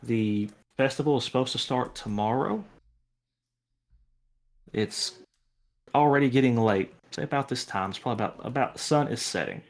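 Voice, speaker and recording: A man's voice: mid-range voice, normal speed, pauses often, close to an everyday voice. A man voicing an upbeat male college professor who announces a festival party to student volunteers in a tabletop game. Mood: cheerful announcing. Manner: friendly announcing, casual filler words.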